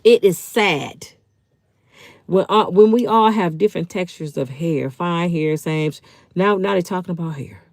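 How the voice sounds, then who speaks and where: A woman's voice: lowish voice, moderate pace, darkish tone, no echo. A woman in her fifties hosting a live stream, answering her chat in a heated, blunt way and swearing freely. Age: 50s. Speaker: channel host.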